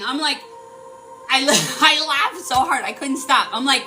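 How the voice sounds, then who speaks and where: A young woman talking casually to her viewers, animated and full of filler words, swearing freely. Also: high-pitched, unhurried, soft background music. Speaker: energy healing vlogger.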